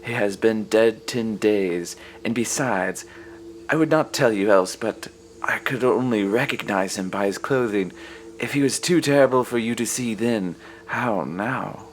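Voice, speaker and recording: A woman voicing a frightened, grieving old man in a storybook reading, with a slow, trembling delivery. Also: big pitch swings, a little hiss or hum, low-quality recording. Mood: dread. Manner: slow, shaking, low put-on voice.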